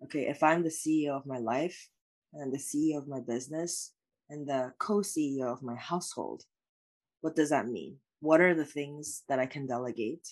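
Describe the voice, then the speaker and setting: A woman's voice: sits low, normal speed, a little mellow, breathy edge. Earnest woman guest, full of "like"s. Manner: earnest, uses many "like" fillers. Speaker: life coach and lawyer, guest. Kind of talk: reflective conversational interview answers.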